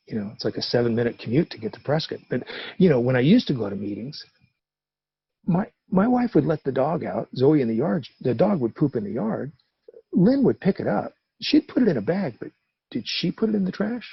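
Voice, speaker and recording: A middle-aged man with a gravelly, husky voice tells a personal story at a recovery meeting. His pitch swings widely as he acts out the dialogue. The sound is dry and a little dull and lo-fi. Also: dry recording. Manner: animated storytelling, acting out dialogue. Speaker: guest speaker at a recovery meeting.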